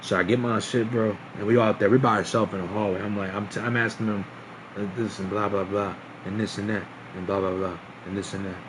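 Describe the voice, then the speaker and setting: A man's voice: fairly low pitch, steady tone, fast, background noise. A young man streaming, telling a long story in a casual, rambling way, full of slang, swearing and repeated phrases.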